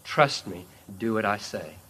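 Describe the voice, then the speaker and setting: A man preaching, voicing Jesus as a calm, commanding king in a solemn, measured way. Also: on the low side, breathy edge, voice pushed down, exaggerated voice.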